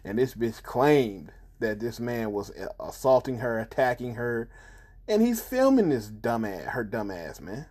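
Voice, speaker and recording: A man's voice: medium pitch, big pitch swings, moderate pace, dark tone. A man giving casual, heated commentary on news videos, profane and repetitive, in an indignant manner.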